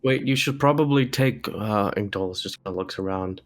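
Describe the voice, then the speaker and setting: A man playing a tabletop game, talking casually and making quick in-game calls. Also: fairly low pitch. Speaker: player.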